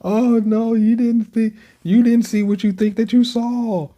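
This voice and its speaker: A man voicing an excitable young male psychic sidekick from a comic, raising his pitch to read the lines. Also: a little slow. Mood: alarmed.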